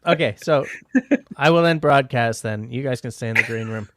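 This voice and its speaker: A man's voice: medium pitch, normal speed, background noise. A man from Canada hosting a casual late-night livestream chat, rambling and poking fun at himself. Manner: rambling, self-deprecating, jokey. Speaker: livestream host.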